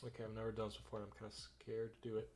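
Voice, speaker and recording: Over faint background music, a young man from the northern US rambles through a livestream while he paints, cursing freely and leaning on fillers. His voice is lowish and darkish, the delivery completely flat and very fast.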